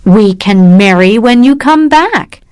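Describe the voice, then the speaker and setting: A woman reading a storybook, voicing a persuasive young man in an easy, coaxing way at a slow pace. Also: a little high, lively intonation, darkish tone, clean tone, dry recording.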